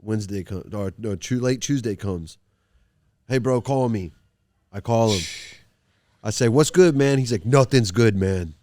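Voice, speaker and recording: A man in casual conversation, telling a story loudly and with energy, acting out the other people in it. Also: lowish voice, measured pace, pauses often, no room sound. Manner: animated, loud when quoting himself. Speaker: podcast guest, fighter. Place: gym mats.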